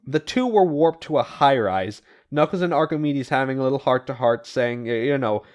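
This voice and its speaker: A man's voice: medium pitch, lively intonation, normal speed, few pauses. A man hosting a casual podcast and recapping comic plots, swearing and laughing as he goes. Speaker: podcast host.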